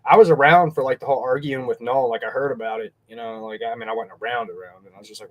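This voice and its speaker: A man's voice: mid-range voice, fairly even intonation, quick pace, few pauses. A man hosting a casual livestream, rambling and swearing crudely. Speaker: host.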